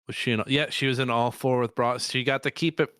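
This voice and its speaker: A man co-hosting a podcast in casual chat, wry and quick to laugh at his own jokes. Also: mid-range voice, fairly even intonation, fairly bright tone, clear, resonant tone, no room sound, clean studio sound. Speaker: podcast co-host.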